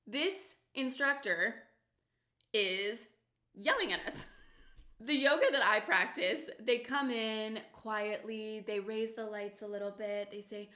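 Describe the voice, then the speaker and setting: A woman's voice: fairly high pitch, pushed and bright. A young woman vlogger telling a story while doing her makeup, casual, full of fillers and swearing. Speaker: beauty vlogger. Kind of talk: chatty get-ready-with-me storytime. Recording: roomy echo.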